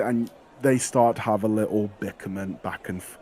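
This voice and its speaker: Man, game master, narrating a tabletop game, low voice, dark mellow tone. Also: steady tone, normal speed, slight background noise. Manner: descriptive, with restarts and fillers.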